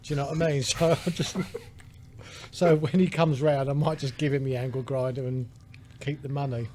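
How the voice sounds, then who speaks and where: A man's voice: mid-range voice, level tone, moderate pace, dark tone. A man telling a rambling story in casual pub-style podcast chat. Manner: chatty storyteller, laughs a lot. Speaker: podcast co-host. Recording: faint background noise.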